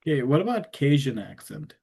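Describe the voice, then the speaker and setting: A man hosts the interview, asking casual questions that trip and restart along the way. He laughs lightly as he feels his way toward each point. His voice sits at an ordinary middle pitch. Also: sing-song, a little fast, vocal fry, darkish tone, breathy edge.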